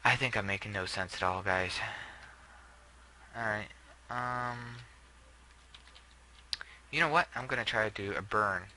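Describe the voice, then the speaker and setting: Low, sharp-toned rambling young man. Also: a little slow, long pauses, a little hiss or hum, poor audio. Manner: rambling, self-deprecating, trails off often. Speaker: gameplay video host. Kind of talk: casual gameplay commentary.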